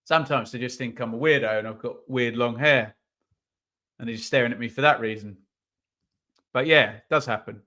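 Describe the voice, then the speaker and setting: A man's voice: mid-range voice, a little fast, long pauses, pushed and bright. A man running a live football watch-along, chatting casually about the match and reading out viewer comments.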